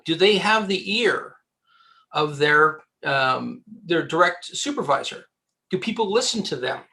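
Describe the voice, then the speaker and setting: A man, a headhunter giving casual career advice as a podcast guest, animated and joking, often restarting his sentences. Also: fairly high pitch.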